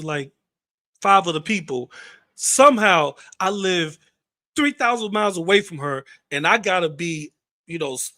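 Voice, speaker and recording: Host, male, high voice, blunt heated rant, dry close sound. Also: sharp tone, no room sound. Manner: heated, blunt, swears freely. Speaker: commentary channel host. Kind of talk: ranting commentary.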